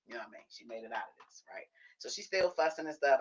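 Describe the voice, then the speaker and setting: A woman livestreaming from her home office, telling a story to her viewers in a casual, animated way, acting out the conversations. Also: sits low, quick pace, slightly rough, dull audio. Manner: animated, acts out conversations, talks to herself. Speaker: livestream host.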